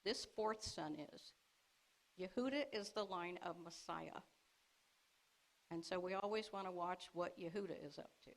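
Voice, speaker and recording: A woman preaching to a congregation, retelling a scripture story in a lively way, acting out the characters' lines and laughing along. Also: on the low side, measured pace, long pauses, rough recording. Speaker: speaker at a congregation service. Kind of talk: teaching sermon.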